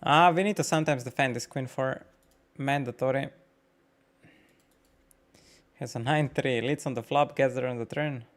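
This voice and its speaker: A man streaming poker, thinking out loud about each hand, swearing often and questioning his own nerves as he talks to his chat. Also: mid-range voice, fairly quick. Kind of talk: live-stream commentary while playing.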